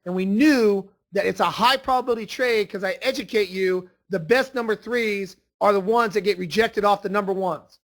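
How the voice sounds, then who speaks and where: Emphatic high-voiced male trading instructor. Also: normal speed, few pauses, fairly bright tone. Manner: emphatic, repetitive, salesy. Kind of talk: screen-share trading lesson.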